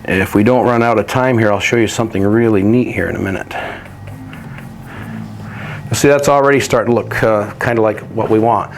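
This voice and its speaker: Man calmly demonstrating an oil painting technique. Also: lowish voice, moderate pace, pauses often, faint music behind. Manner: relaxed, practical, explains while working. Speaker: painting instructor.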